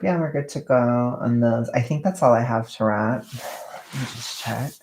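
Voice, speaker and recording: A woman's voice: extremely low pitch, normal speed, very noisy. A woman chatting casually on a livestream while wrapping gifts, rambling and joking at her own expense. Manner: rambling, self-mocking, joking. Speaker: vlogger livestreaming.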